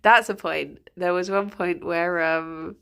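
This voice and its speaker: A woman's voice: lowish voice, fairly even intonation, slow, gravelly, a bit bright, clear, resonant tone. A woman streaming, chatting casually and laughing often between fillers. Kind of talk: casual chat.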